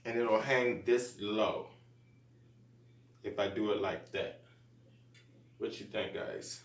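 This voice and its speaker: A man's voice: on the low side, steady tone, takes it slowly, roomy sound. A man hosting a gardening channel, talking viewers through a hands-on project in a chatty, upbeat way and often calling them "you guys.". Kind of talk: casual how-to vlog.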